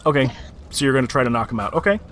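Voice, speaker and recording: A man's voice: mid-range voice, expressive, very fast, a bit bright. A male game master narrating a tabletop session in a mid-range voice. He rambles, filling gaps with ums and likes, over faint background noise. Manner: rambling, filler-heavy narration.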